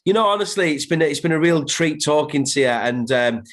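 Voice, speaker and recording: A man's voice: fairly high pitch, lively intonation, brisk, fairly bright tone. A man hosting a podcast, chatting casually with plenty of fillers and restarts. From Lancashire, England. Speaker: podcast host. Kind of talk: casual chat.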